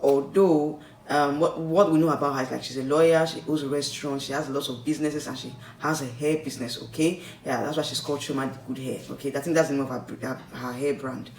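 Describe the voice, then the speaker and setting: A Nigerian-accented man vlogs a review of a reality show, rambling chattily and checking in with the listener, tacking on "okay?" and "like, seriously." His medium-pitched voice stays steady and quick with few pauses. The mic is distant in an echoey room, with faint noise.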